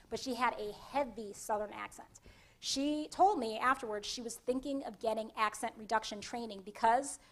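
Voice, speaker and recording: A woman with a Connecticut accent presenting a conference workshop in a lively, conversational way, often putting questions to the audience. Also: a little high.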